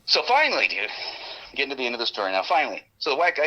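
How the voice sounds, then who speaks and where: A man tells his story with a very bright, cutting edge to his voice. He talks in a lively way, swears a lot and acts out each line of the exchange. The sound is narrow, like a radio broadcast. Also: medium pitch, racing. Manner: lively, profane, laughs often, acts out the dialogue. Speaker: guest telling an encounter story. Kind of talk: animated storytelling.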